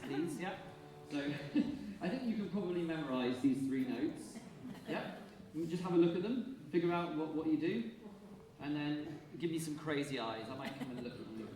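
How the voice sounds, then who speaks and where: An Englishman leading a choir rehearsal, briskly encouraging and quick to laugh. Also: a little high. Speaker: choir conductor. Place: rehearsal hall. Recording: echoey hall from far off.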